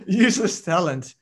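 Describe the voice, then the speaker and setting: A man in a casual interview, answering with many pauses and restarts. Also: high-pitched. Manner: hesitant, many ums and restarts. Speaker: guest, coach and mentor.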